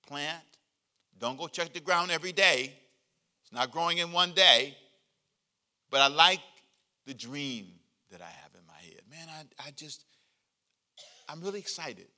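Forceful, bright-voiced male pastor. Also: on the high side, unhurried, pauses often. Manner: joking, animated, leads call-and-response. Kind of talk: conversational sermon.

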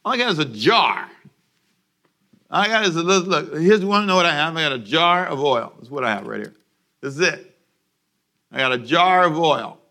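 A man's voice: on the high side, animated, moderate pace, pauses often, sharp tone, voice pushed up. A man voicing a desperate penniless widow. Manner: pleading, insistent, repeats herself. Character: destitute widowed mother pleading for help.

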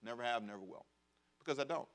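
A middle-aged pastor with a medium-pitched, slightly bright voice preaches quickly in a conversational, humorous style. He has the congregation repeat phrases and acts out the voices of parents and kids.

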